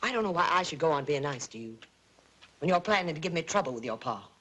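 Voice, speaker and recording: A woman's voice: sits low, animated, quick pace, slight background noise. An actress playing a sly, needling aunt who threatens her niece in a 1950s TV drama. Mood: threatening. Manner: sly, insinuating, sharp when crossed.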